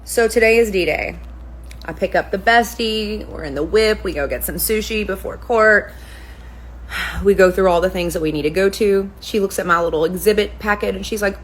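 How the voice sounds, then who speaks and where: A woman's voice: medium pitch, normal speed, rough recording. A woman who runs a spa, telling a story to camera in a casual, profane rant. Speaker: spa owner, permanent makeup artist.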